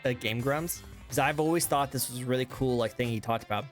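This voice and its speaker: An American man hosting a casual online interview, excitable and laughing often, with plenty of fillers. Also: mid-range voice, brisk, faint music behind. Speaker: host.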